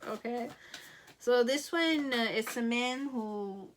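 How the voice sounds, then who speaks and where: A woman's voice: on the high side, takes it slowly, slight background noise. A woman giving a pick-a-card tarot reading, thinking aloud in a meandering way with many fillers. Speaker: tarot reader.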